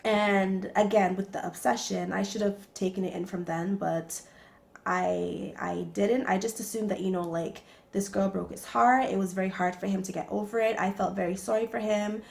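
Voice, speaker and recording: Chatty young woman with vocal fry. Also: mid-range voice, normal speed. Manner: animated, chatty, many fillers. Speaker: vlogger. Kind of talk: casual storytime.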